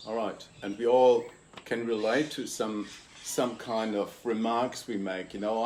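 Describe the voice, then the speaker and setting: A man hosting an interview as a consciousness coach, calmly explaining ideas step by step and posing rhetorical questions to the listener. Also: lowish voice, measured pace, a little hiss or hum. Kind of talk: reflective interview talk.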